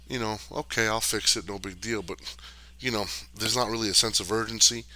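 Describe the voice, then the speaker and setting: Quick-paced and forceful, this middle-aged man's fairly low, bright voice carries his podcast. He chats loosely, reads viewer questions, and answers with a streetwise style heavy on fillers and swearing.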